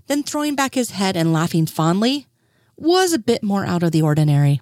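A woman reading a fan story aloud as scripted narration, voicing every character herself with only small pitch lifts. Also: sing-song, brisk, a little mellow, no echo, clean studio sound. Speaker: fanfiction reader.

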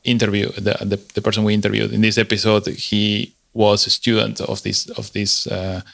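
A man's voice: fairly low pitch, little pitch movement, normal speed, creaky, fairly bright tone. A man co-hosting a podcast in casual chat, thinking aloud with many restarts. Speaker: podcast co-host.

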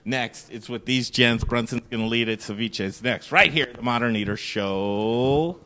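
A man's voice: medium pitch, normal speed, bright, forceful tone. A man hosting a cooking show, chatting in an easygoing, casual way. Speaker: show host.

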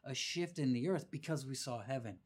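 A man of average pitch hosts a relaxed faith conversation. He tells stories with animation and lands his points with a preacher's emphasis. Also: a little fast, breathy edge. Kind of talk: casual ministry conversation.

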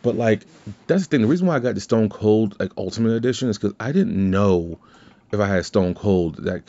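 A man's voice: on the low side, lively intonation, a little fast, dark tone. A man hosting a podcast in casual chat, rambling and cursing, with many restarts. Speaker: podcast host. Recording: slightly dull lo-fi sound.

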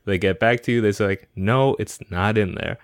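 A man's voice: fairly low pitch, normal speed, no room sound, clean studio sound. A man co-hosting a podcast in casual chat, laughing often and speeding up when he explains. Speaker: podcast co-host.

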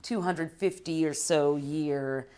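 Low-voiced woman explaining calmly. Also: takes it slowly, smooth. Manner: explanatory, affirming with frequent mm-hmms. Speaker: astrologer. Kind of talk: casual conversation.

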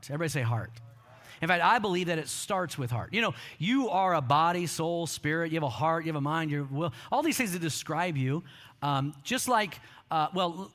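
A man's voice: fairly high pitch, a bit bright. A middle-aged man preaching a sermon, telling stories with quoted voices and calling on the congregation to respond. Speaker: pastor.

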